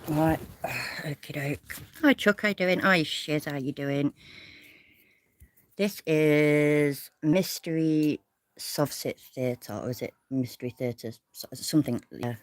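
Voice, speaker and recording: A woman's voice: low-pitched, takes it slowly, long pauses. A woman hosting a casual livestream from bed, rambling and self-deprecating as she greets her viewers by name. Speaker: livestream host. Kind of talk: casual live chat. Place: in bed, away from home. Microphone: audio only, no camera.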